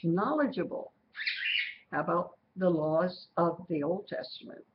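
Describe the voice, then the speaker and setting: Slow-speaking woman teaching a Bible lesson. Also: on the low side. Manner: slow, explanatory, repeating key phrases. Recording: muffled recording with steady background noise.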